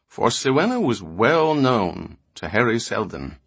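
A man's voice: mid-range voice, sing-song, a little slow, creaky, fairly bright tone, breathy edge, dry recording, full character voice. A man voicing a grave, patient old male scholar in an audiobook.

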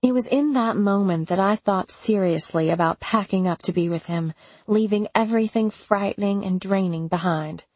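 A woman with a soft, breathy voice narrating a first-person audiobook intimately. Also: medium pitch, moderate pace, no room sound.

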